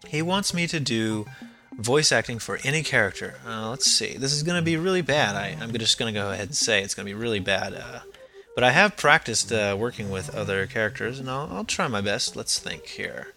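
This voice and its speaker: Brief: young male podcast host answering emails, halting and casual, very bright timbre, average pitch. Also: lively intonation, faint music behind. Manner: halting, many ums and restarts.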